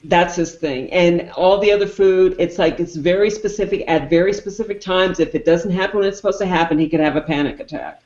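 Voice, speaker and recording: An animated co-host of a film review show, retelling scenes in casual chat and acting out the characters' lines. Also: medium pitch, fairly quick, few pauses. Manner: animated storyteller who acts out the characters' lines. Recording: roomy, dull lo-fi sound.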